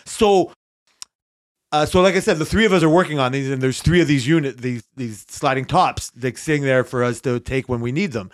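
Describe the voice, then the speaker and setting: A man's voice: medium pitch, fast, hardly any pauses. A man co-hosting a podcast, telling a work story in a casual, profane way, acting out his coworkers' lines. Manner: swears often, animated retelling with voices for coworkers. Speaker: podcast co-host.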